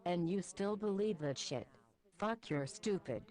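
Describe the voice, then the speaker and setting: A woman voicing a small, crude, hot-tempered male goat devil who swears a lot, in a lowered gruff voice. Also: expressive, unhurried, a little mellow. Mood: furious.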